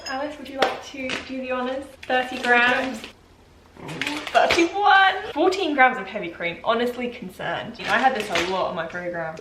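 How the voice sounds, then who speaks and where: A fairly high-voiced young British woman talks her way through a cooking vlog, chatty and giggly and quick to laugh at herself. She stands some way from the mic, so her voice bounces around the kitchen, and there's steady noise behind her. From United Kingdom. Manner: chatty, giggly, self-mocking. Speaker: vlogger. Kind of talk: casual cooking vlog chat. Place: home kitchen. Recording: echoey kitchen, mic far off, noisy.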